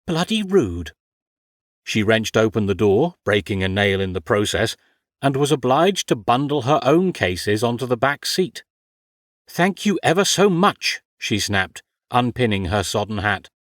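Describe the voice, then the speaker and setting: A man narrating an audiobook in a measured, wry storytelling manner. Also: lowish voice, no echo, clean studio sound. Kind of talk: scripted narration.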